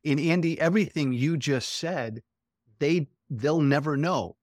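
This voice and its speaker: A man's voice: fairly high pitch, a little slow, dry recording, studio quality. A man speaking as a guest in a casual political chat, blunt and profane, laughing often.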